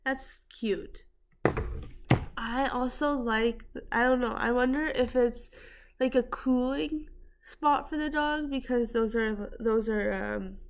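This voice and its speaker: A woman's voice: a little high, vocal fry. A woman hosting a reaction video, talking casually with many fillers and frequent laughter. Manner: chatty, rambling, laughs often, many fillers.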